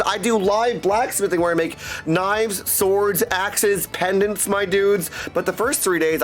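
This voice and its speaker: A man chatting excitably with his viewers on a live stream, full of catchphrases. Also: high-pitched. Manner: excitable, chatty, keeps saying my dudes. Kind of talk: casual live-stream chat.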